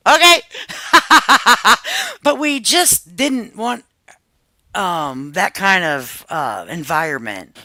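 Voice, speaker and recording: Woman, fifties, livestream host; lively, bright, sassy delivery, dry close recording. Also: mid-range voice, takes it slowly, no echo. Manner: animated, sassy, laughs often. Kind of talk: casual chat reacting to viewers.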